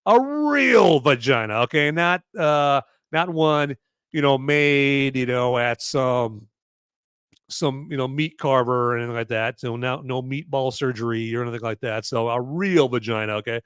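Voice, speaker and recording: Podcast host, male, casual live-stream chat, lots of ums and restarts, clear smooth voice, dry close mic. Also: mid-range voice, normal speed, dry recording. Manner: rambling, lots of fillers and restarts; sarcastic, animated asides. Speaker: podcast host reviewing a movie.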